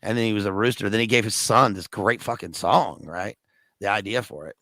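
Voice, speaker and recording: A laid-back man guesting on a film podcast, his voice gravelly with a lot of vocal fry. He talks slangy and loose, checking in with a quick question tag. Close and dry on the mic. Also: fairly low pitch, bright, forceful tone, no echo. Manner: laid-back, slangy, says "dude" and "right?". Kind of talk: casual film-discussion chat.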